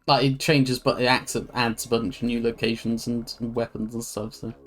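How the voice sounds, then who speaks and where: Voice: mid-range voice, flat delivery, moderate pace, soft background music. Laid-back streamer playing a game. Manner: casual, swears, laid-back. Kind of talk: casual gameplay commentary.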